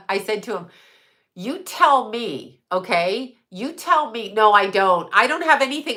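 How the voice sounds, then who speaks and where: Bright-voiced woman ranting on a livestream. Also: medium pitch. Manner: heated, profane, rambling with restarts. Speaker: livestream host. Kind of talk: unscripted livestream rant.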